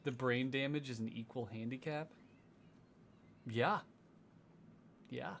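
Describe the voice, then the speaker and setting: A man's voice: medium pitch, slow, creaky, a bit bright, a little hiss or hum. A young man chatting casually on a livestream as a music streamer, sardonic and rambling, swearing freely.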